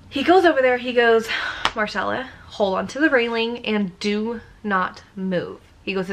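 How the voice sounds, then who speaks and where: Bright-voiced woman telling a story. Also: mid-range voice, slight background noise. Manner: animated, acts out quotes. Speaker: vlogger. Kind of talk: casual storytelling.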